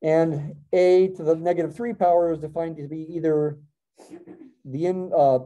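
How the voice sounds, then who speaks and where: Middle-aged male math professor, very dark mellow tone, lecture delivery, corrects himself as he goes. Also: on the high side, fairly even intonation, measured pace, long pauses. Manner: thinking aloud, self-correcting, wry asides. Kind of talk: classroom lecture.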